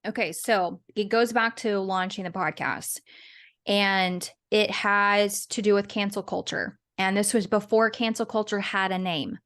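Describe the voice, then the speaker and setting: A woman who is a business owner and podcaster appears as a guest in a casual interview, speaking in a chatty, rambling way with frequent restarts and small laughs. Her medium-pitched voice is smooth and a bit bright.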